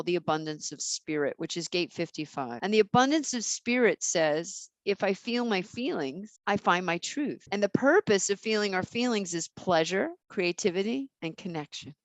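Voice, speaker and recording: A woman's voice: mid-range voice, no echo. A woman hosting a podcast interview, talking in an enthusiastic, playful, teaching way. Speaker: podcast host. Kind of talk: casual interview chat.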